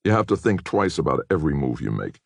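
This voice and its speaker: A man's voice: rumbling low, big pitch swings, quick pace, creaky, husky, dry recording, clean studio sound, full character voice. A man voicing a cautious, uneasy man who speaks frankly about his worries.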